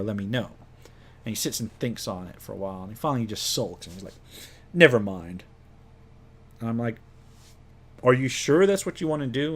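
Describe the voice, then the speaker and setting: A man telling a tabletop game story as game master, casually and with many restarts, acting out his players' lines. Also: medium pitch. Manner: rambling, many restarts, acts out players' voices.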